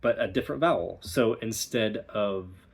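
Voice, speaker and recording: A man's voice: fairly low pitch, moderate pace, gravelly. A young man teaching pronunciation as a dialect coach, explaining patiently and encouragingly. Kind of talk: recorded pronunciation lesson.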